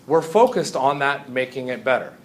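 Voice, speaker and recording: A man's voice: medium pitch, expressive, normal speed, slight background noise. A man teaching a chemistry class in a conversational lecture, often checking in with his students. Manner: conversational, often asks "Right?".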